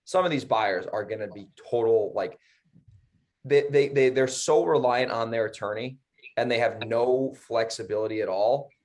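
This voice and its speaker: Slight background noise sits behind a podcast co-host whose medium-pitched voice has a darkish tone and a moderate pace. He tells a casual story heatedly and profanely, impersonating both sides of the exchange.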